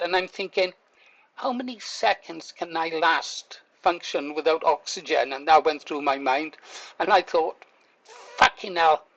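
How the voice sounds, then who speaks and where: A man's voice: high voice, a bit bright, dull audio. An older man, a vlogger, telling a story in a chatty way, laughing through it and swearing now and then. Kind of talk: casual storytelling to camera.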